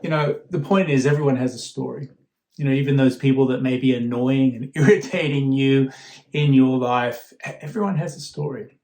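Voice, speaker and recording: A man giving a guest sermon in a relaxed, conversational way, often repeating words as he starts a thought. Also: medium pitch, normal speed, roomy sound. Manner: conversational, warm storytelling with frequent fillers and repeated starts. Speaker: guest speaker.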